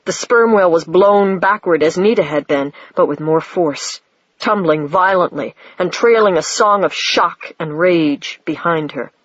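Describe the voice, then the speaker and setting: An audiobook reader narrating a story in a measured, plain way. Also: mid-range voice, fairly bright tone, dry recording, lo-fi sound. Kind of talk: scripted narration.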